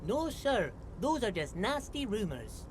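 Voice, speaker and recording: A man's voice: high voice, very animated, unhurried, background noise, voice pushed up. A man voicing a small, friendly immigrant dock worker who repeats himself and keeps saying "mister" in a folksy way. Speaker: voicing a game character. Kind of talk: game dialogue read aloud.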